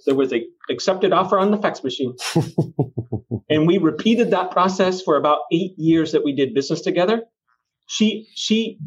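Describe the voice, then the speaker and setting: A middle-aged man, a mortgage lender, tells a rambling anecdote from his career. His voice sits a bit high for a man. The recording sounds dull and lo-fi. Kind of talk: casual storytelling.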